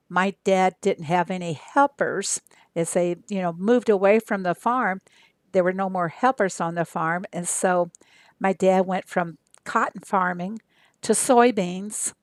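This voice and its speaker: An older woman from Arkansas, chatting casually with viewers on her game livestream in an unhurried way with lots of fillers. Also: on the low side, no room sound, studio quality. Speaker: game streamer.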